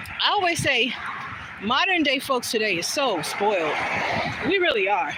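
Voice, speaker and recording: Chatty high-voiced woman telling stories outdoors. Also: big pitch swings, moderate pace, long pauses. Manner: chatty, swears casually, acts out quoted voices. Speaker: vlogger. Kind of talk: casual storytelling while walking. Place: outdoors on a walking trail. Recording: outdoor noise behind voice.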